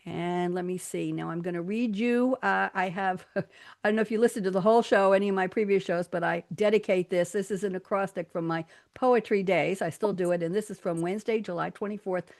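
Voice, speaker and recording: A woman's voice: medium pitch, steady tone, fairly quick, darkish tone. Playful woman radio host, theatrical. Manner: playful, theatrical, laughs often. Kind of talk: live talk show, reading quotes and poems. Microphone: studio mic.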